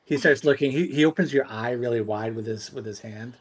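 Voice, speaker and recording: A man's voice: medium pitch, fairly quick, breathy edge. Gm guy narrating casually, lots of uh and like. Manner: casual, rambling with fillers. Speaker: game master. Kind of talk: narrating a tabletop game.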